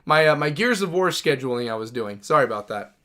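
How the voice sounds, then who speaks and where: A man's voice: medium pitch, animated, quick pace, pushed and bright. A man streaming a game, telling a long story in a loose, rambling way, restarting sentences and swearing freely. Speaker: gaming streamer. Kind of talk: casual storytelling while playing.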